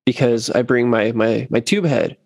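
A man in casual chat, telling a long story about a gig and acting out what others said in lively quoted voices. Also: medium pitch, moderate pace, gravelly, dry recording, clean studio sound. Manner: animated, acts out quotes of others. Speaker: bass player telling a story.

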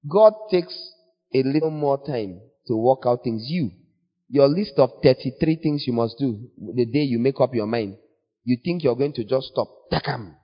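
A man preaching a sermon in a playful, teasing way, with sudden jumps in pitch. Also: moderate pace. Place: church. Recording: long church reverb, dull lo-fi sound.

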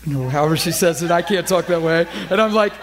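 A man with a high, bright-sitting voice delivers a sermon in a passionate, animated way. He preaches with fervor and presses each point hard. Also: fast, a faint crowd.

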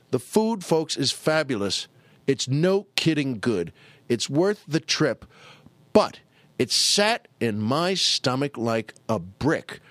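Middle-aged male host, fairly high voice, dry close mic, rambling self-mocking storyteller. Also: a bit bright, dry recording. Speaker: podcast host. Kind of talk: casual storytelling monologue.

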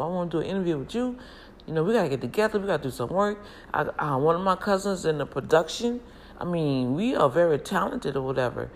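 A woman chatting casually to her viewers, telling family stories in an animated, talkative way with frequent laughs. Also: lowish voice, normal speed, creaky.

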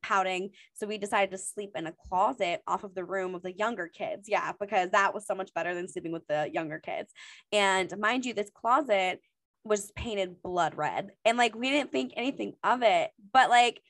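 Animated woman telling a scary story. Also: mid-range voice, dry recording. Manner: animated, lots of fillers, rises sharply at dramatic moments. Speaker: guest storyteller. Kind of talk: casual storytelling.

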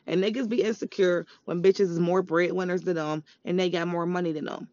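A woman's voice: on the low side, steady tone, brisk, a little mellow, dry recording. A woman delivering a profane, emphatic rant in a vlog monologue, scolding and repeating herself. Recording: dull lo-fi recording.

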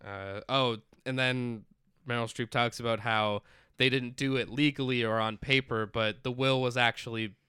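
A man's voice: medium pitch, fairly even intonation, moderate pace, pushed and bright, clean tone, no room sound, studio quality. A man chatting casually as a podcast co-host, rambling through a film's plot with lots of fillers and acted-out quotes. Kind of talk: casual chat recapping a film.

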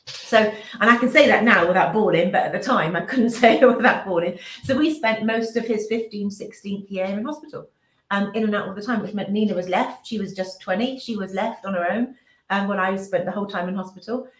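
A woman's voice: mid-range voice, fairly quick, a bit bright. A woman in her fifties speaks candidly and emotionally as an interview guest. She often restarts her sentences and acts out what others said. Her voice sits mid-range and carries a noticeable roomy echo. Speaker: business owner and mother, interview guest. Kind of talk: candid personal account in an interview.

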